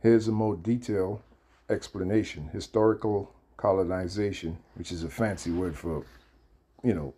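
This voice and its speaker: Deep, husky man rambling through commentary. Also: darkish tone. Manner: rambling, heavy with fillers, reads text aloud. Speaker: channel host. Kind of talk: casual commentary.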